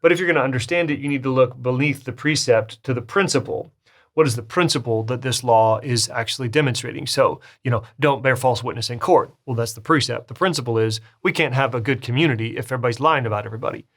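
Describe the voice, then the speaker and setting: A male Bible teacher talking through scripture in a relaxed lecture. His voice sits at an ordinary middle pitch. He pushes it up for emphasis, and he often stops to rephrase or correct himself. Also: quick pace. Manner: conversational, with restarts and self-corrections; emphatic, rising on key phrases. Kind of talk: recorded Bible study lecture.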